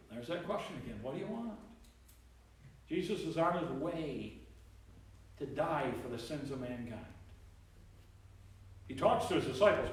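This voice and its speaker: A man preaching a sermon as pastor, animated, acting out voices from the Bible story. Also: medium pitch, normal speed, pauses often. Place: church sanctuary. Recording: very echoey church, mic at distance.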